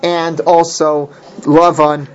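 A man's voice: a little high, flat delivery, slow pace, clean tone. A man giving a Torah class, reading Hebrew verses and explaining each one in English, often restarting his sentences. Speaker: Torah teacher. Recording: dull lo-fi recording.

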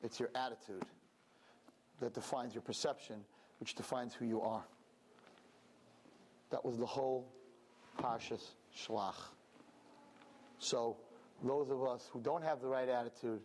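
A man, a rabbi, giving an animated and emphatic sermon in which he acts out quoted speech. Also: mid-range voice. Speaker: rabbi preaching.

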